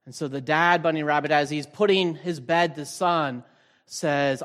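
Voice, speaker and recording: Pastor preaching in a reverberant hall. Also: male voice, on the high side, a little slow. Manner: relaxed, thinking aloud with frequent fillers and restarts. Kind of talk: conversational sermon. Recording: long reverb from a large hall.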